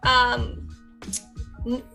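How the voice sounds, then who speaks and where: A woman's voice: on the high side, completely flat delivery, drawn-out words, creaky, bright, forceful tone, soft background music. A woman on a panel, chatting casually and a bit hurriedly about her picks, with a laugh in her talk. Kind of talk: casual chat.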